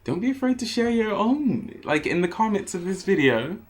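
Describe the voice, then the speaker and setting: A man's voice: high voice, big pitch swings, normal speed. A man co-hosting a comedy vlog, telling stories in a rambling, profane, giggly way. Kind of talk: casual storytelling.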